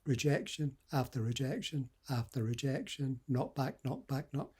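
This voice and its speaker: A middle-aged man speaks with a husky edge in a mellow, warm tone. He gives dating and confidence advice in an earnest, conversational way. He often acts out little example dialogues. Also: medium pitch, expressive, moderate pace. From west coast of Scotland. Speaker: dating coach. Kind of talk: motivational advice talk.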